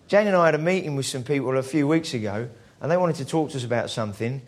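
A man's voice: medium pitch, fast. A man preaching a sermon in a conversational, storytelling way, acting out the people in his stories. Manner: conversational storytelling, acts out quoted voices.

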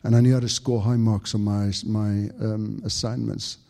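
A man preaching a fervent sermon to a congregation, stumbling over restarts as he builds to high, excited peaks. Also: moderate pace, gravelly, big-room sound. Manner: frequent stammered restarts.

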